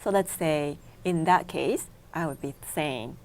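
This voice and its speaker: A woman's voice: low-pitched, a little slow, a little hiss or hum. A woman whose first language is Japanese, a meditation instructor being interviewed in a TV studio, explaining steps in simple English. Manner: explains in numbered steps, simple non-native grammar. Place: local TV studio.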